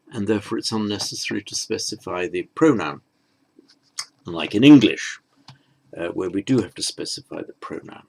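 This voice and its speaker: A man teaching a recorded grammar lesson in a measured, explanatory way, often restarting his phrases. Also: fairly low pitch, vocal fry, darkish tone. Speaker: language teacher.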